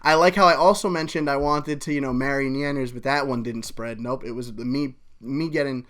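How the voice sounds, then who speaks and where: A man's voice: mid-range voice, fairly even intonation, a little fast, a bit bright. A man hosting a comic read-along of fan fiction, joking and mock-dramatic. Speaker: comedy YouTuber.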